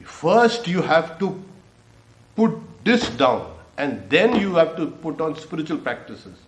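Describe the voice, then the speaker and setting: Laughing swami preaching in an echoey hall. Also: male voice, slow. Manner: laughs often, animated with lively pitch jumps. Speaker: swami giving a spiritual talk. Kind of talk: sermon.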